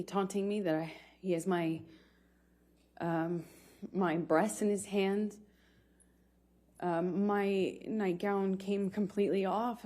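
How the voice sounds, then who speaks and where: Woman on the witness stand, shaky halting testimony, lots of restarts, warm soft voice on a courtroom mic. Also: medium pitch. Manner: halting, with many restarts and pauses; quiet and shaken, voice rising with distress. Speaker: trial witness.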